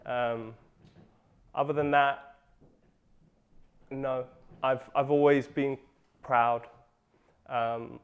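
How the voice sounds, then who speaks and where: A young man from England speaking in an interview, measured and thoughtful, pausing often as he recalls school years. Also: medium pitch, flat delivery, clean tone, phone-quality sound. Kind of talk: reflective interview.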